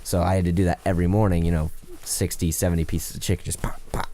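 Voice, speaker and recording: A man co-hosting a podcast, telling animated, profane stories in casual chat. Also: deep voice, quick pace. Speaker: podcast co-host.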